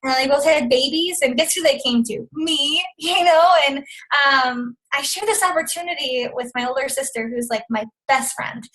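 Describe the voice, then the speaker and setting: A woman's voice: sits high, a bit bright, poor audio. A woman in her thirties giving a chatty, upbeat motivational talk as a coach on a team call, full of fillers like "like" and "you know". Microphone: phone or conference call line.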